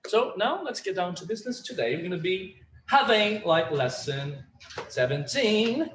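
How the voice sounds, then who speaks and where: A man's voice: sits high, animated, normal speed, a bit bright. A man teaching an online English lesson, chatty and full of fillers, leading the class through phrases to repeat. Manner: chatty, many fillers, drills phrases for repetition. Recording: roomy echo with faint room noise.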